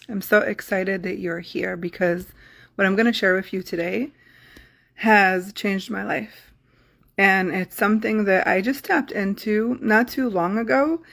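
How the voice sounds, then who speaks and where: Host: middle-aged woman, gravelly edge, animated storyteller talking to camera. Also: mid-range voice. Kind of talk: casual talk to camera.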